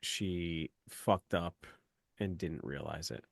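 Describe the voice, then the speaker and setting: A man's voice: low-pitched, slow, gravelly, dry recording, studio quality. A middle-aged man, a podcast co-host, telling a heated story full of profanity in casual chat.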